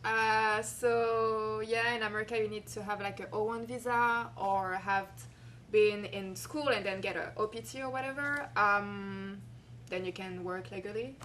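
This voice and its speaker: French-accented actress guest, hesitant and filler-heavy, bright tone, slightly distant mic. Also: female voice, mid-range voice, steady tone, unhurried, slight background noise. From France. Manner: hesitant, many fillers, laughs easily. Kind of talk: casual interview answers.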